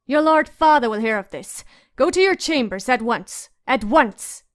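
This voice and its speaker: A woman's voice: a little high, normal speed, lightly acted. A woman reading an audiobook, voicing a strict older governess who scolds firmly. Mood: stern. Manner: scolding and firm.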